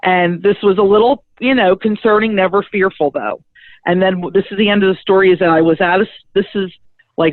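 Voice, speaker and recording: A middle-aged woman, a spiritual medium and guest, telling her story in a lively, chatty way and acting out the conversations in it. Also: fairly low pitch, no room sound. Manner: lively, chatty, acts out the dialogue in her stories. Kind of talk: animated personal storytelling. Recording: thin phone-like dry sound.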